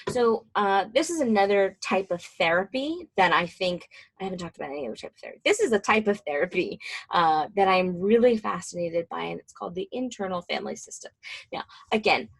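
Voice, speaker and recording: A woman's voice: medium pitch, lively intonation, a little fast, slightly rough. A woman in her twenties, a mental health counselor, giving a casual, chatty talk to fellow professionals with plenty of fillers and asides. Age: 20s.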